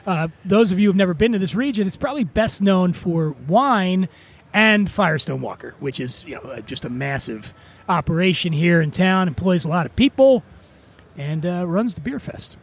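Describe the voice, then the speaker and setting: A man's voice: high-pitched, expressive, moderate pace. A man hosting a podcast, interviewing people at an outdoor beer festival with a handheld mic and teasing his co-host. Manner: teasing, jokey. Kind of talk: casual on-site interview.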